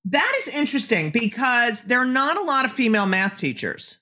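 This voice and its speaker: A woman's voice: fairly high pitch, big pitch swings, fairly quick, bright, forceful tone. A woman in her forties hosting a casual interview, brash and joking, swearing freely, with a phlegmy throat. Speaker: podcast host.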